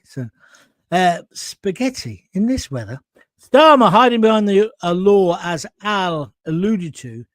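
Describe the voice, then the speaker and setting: A man hosts a live stream in a fairly high voice, recorded dry with no room echo. He reads viewer comments aloud and answers them bluntly and emphatically, swearing now and then. He sounds hot and sweaty as he talks. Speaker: host of a live current-affairs stream.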